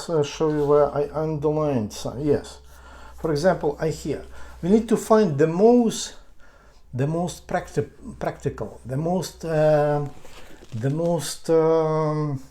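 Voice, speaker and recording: Halting speaker, mellow voice. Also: medium pitch. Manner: halting, often restarts and searches for words. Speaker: kanji teacher. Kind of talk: explaining a study method.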